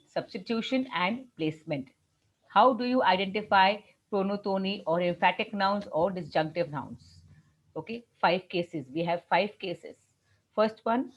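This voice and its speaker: Indian-accented woman, patient tutor walking through grammar rules step by step; muffled lo-fi recording. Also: medium pitch. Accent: Indian English. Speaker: French teacher. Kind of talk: classroom grammar lesson.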